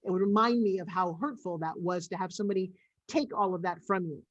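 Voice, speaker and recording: A middle-aged woman, a podcast interview guest, telling a personal story in an animated, emphatic way over a remote video call. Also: lowish voice, fast talker, lo-fi sound.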